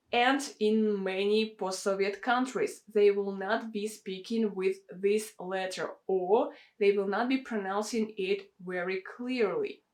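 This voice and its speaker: A woman with a Russian accent, a native Russian speaker, teaching pronunciation in a deliberate way and repeating words for practice. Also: mid-range voice, a little mellow. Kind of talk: pronunciation lesson.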